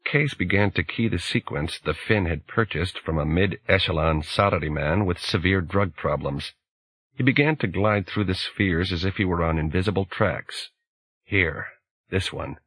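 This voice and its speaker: Deep, husky male audiobook narrator. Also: normal speed, a bit bright, dry recording.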